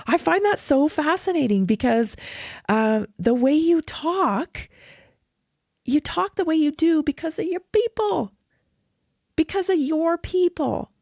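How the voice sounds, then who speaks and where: A woman from Canada hosting a radio show, talking in a chatty, animated way, repeating points for emphasis and laughing easily. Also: sits high, unhurried, dry recording, clean studio sound. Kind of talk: casual monologue.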